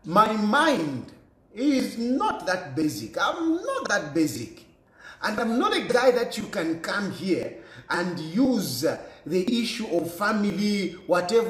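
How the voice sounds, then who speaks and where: A man's voice: high voice, roomy sound. A man hosting a call-in show, angrily ranting at a caller, repeating himself, defiant, laughing in between. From Zambia. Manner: angry, repetitive, defiant, laughs between lines. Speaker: show host. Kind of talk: heated call-in show rant.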